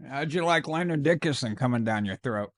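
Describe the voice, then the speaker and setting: A man hosting a live stream, reacting to a football game with jokes and excited, casual commentary. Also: mid-range voice, brisk. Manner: joking, excitable, swears casually. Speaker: livestream host.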